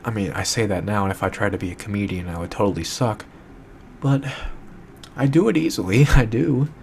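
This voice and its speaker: A young man speaking straight to the camera in an emotional monologue, distraught and fighting back tears, halting and repetitive, swearing as he searches for words. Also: on the low side, creaky, darkish tone, a little hiss or hum. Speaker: video maker addressing a friend.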